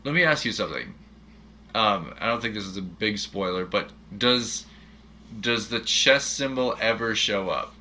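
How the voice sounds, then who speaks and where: A man's voice: on the low side, expressive, moderate pace, sharp tone, a little hiss or hum. A man co-hosting a casual movie chat, asking eager, jokey questions. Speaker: podcast co-host.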